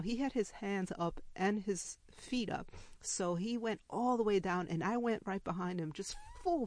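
A woman storyteller telling a personal story to a live audience, animated and laughing as she acts out the quoted speech. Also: on the low side, no echo.

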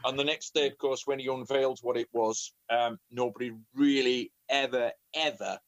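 A man who is a professional storyteller, telling a family story in an animated way, often repeating words. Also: mid-range voice, moderate pace, dry recording, dull audio. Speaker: professional storyteller and children's author. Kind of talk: conversational storytelling.

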